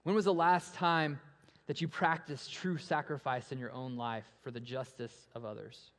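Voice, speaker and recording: A man's voice: mid-range voice, normal speed. Preaching man in a reverberant hall. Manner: rhetorical questions, swelling then dropping to a hush; animated when acting out story voices. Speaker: pastor. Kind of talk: sermon. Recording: long reverb of a large hall.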